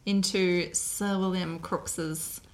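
A woman's voice: on the low side, fairly even intonation, slow, a little hiss or hum. A woman co-hosting a casual podcast, telling a history story in a chatty way and laughing often. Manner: chatty, laughs often, puts on mock voices. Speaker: podcast co-host.

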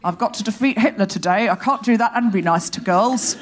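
A woman putting on a gruff, self-important older male wartime leader as a comic impression in a live stand-up set. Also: medium pitch, fairly quick, natural voice. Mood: dismissive.

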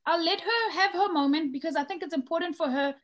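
High-voiced woman, laughing and chatty. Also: quick pace. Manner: warm, laughs often, gentle. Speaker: guest, mother of two. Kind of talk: casual chat about parenting.

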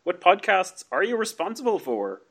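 A man's voice: high voice, very animated, normal speed. A man with an Irish accent hosting a casual podcast interview over a video call, chatty and laughing often, restarting his sentences. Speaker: podcast host.

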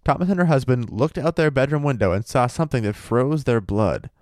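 Man, casual podcast co-host, reads creepy story aloud, swears, laughs a lot, mid pitch, dry close mic. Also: brisk, a little mellow, no echo. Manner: laid-back, profane, laughs often. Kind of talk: casual chat with read-aloud passages.

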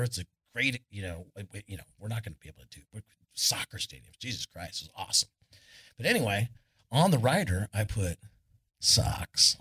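A man's voice: mid-range voice, a bit bright, husky. A man guest telling loose, profane road stories on a live stage, talking into a stage microphone. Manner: loose, profane anecdotes with lots of "I'm all". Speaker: guest musician. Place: arts club stage, indoors.

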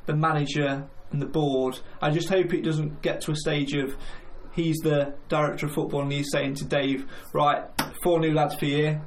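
A man's voice: a little high, level tone, moderate pace, hardly any pauses. A man co-hosting a casual football chat, joking and laughing between points. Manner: chatty, jokey, laughs often. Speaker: podcast co-host. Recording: faint background noise.

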